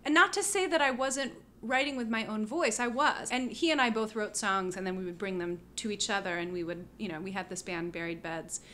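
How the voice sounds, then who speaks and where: A woman guest on an interview podcast, telling stories in a casual, animated way, full of fillers and laughs. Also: medium pitch, brisk, few pauses, slight background noise. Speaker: guest musician.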